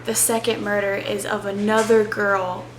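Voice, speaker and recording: A woman chatting excitedly as she recaps a book for her vlog, with the odd breathy whispered aside, filmed at home on a tripod camera. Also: mid-range voice, normal speed. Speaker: book vlogger. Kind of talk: casual reading vlog chat. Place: home reading nook, indoors. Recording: roomy echo with faint background noise.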